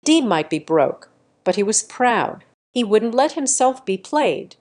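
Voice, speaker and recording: A woman narrating a first-person family drama story in an even, steady, scripted reading. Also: on the high side, a little slow.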